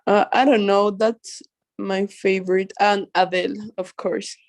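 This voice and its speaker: Slow, hesitant woman learning English. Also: mid-range voice, little pitch movement. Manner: hesitant, searching for words, shy laughs. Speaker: English student. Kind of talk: answering a teacher's questions.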